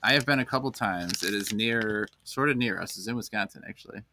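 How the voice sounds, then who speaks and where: A man's voice: lowish voice, a little fast, noisy background. A man hosting a casual podcast. He steers the talk and reads product packaging aloud. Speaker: podcast host. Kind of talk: casual podcast chat, reading labels.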